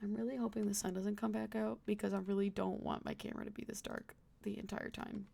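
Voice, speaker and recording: A woman's voice: medium pitch, level tone, quick pace, gravelly, warm tone. A young woman streaming a game, chatting casually with lots of slang and filler. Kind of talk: casual gameplay commentary.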